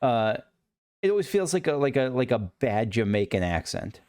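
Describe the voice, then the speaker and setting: A man's voice: mid-range voice, very animated, normal speed, darkish tone, clean tone. A man hosting a let's play, reading game dialogue aloud and adding chatty, reflective asides full of filler words.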